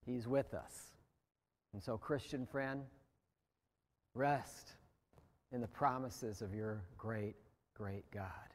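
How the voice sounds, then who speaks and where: An American man preaching a sermon as pastor, slow and deliberate, letting phrase endings drop quiet. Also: medium pitch, steady tone, in a large hall. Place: church sanctuary.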